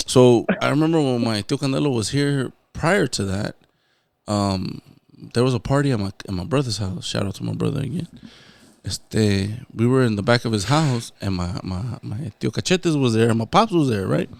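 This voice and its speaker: A man's voice: medium pitch, normal speed, creaky, no room sound. A man hosting a podcast, telling a rowdy story with lots of swearing and Spanish slang. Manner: profane, animated storyteller, switching between English and Spanish. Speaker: podcast host. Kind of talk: casual chat, telling a drunk story.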